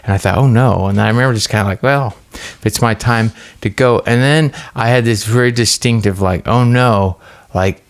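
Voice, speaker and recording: A man with a low voice and a gravelly, creaky edge tells a story on a podcast. He rambles and restarts often, circling back to what he means in a relaxed, chatty way. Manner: rambling, halting retelling with many restarts and fillers. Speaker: podcast co-host. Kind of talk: casual storytelling chat.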